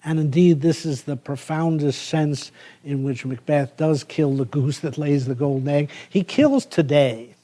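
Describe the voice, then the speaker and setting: A man giving a university lecture as a professor, speaking thoughtfully with frequent "uh" pauses. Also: a little high, little pitch movement, dark tone. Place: lecture hall.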